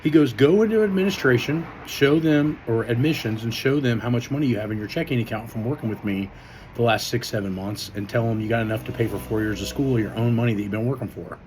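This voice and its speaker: A man's voice: lowish voice, fast talker, a little mellow, slight background noise. A man, a strength coach, telling his life story in a loose, casual way, with many fillers and some swearing. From Indiana, US.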